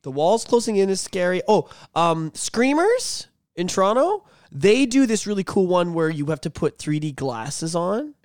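A man's voice: sits high, sing-song, normal speed, few pauses, no room sound, clean studio sound. A man in his thirties chatting casually on a podcast, rambling and swearing freely as he tells stories. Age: 30s. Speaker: podcast co-host. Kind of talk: casual chat.

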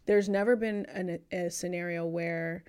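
A woman's voice: lowish voice, steady tone, unhurried, darkish tone, clean tone. A woman hosting a podcast as a dating coach, talking things through in a reflective way and explaining with analogies. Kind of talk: casual podcast conversation.

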